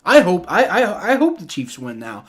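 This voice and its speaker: A fed-up male streamer ranting through a live game reaction, swearing freely and tripping over his own restarts. His voice sits a little high and swings wildly up and down as he vents. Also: huge pitch swings, normal speed, a bit bright. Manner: exasperated ranting, heavy profanity; frequent stammering restarts.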